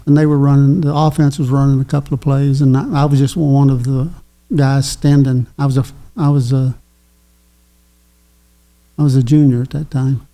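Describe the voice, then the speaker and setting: A man's voice: medium pitch, flat delivery, dark tone. Chuckling older man. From Kentucky. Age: 80s. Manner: chuckling, folksy, halting with fillers. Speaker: guest. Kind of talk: casual storytelling.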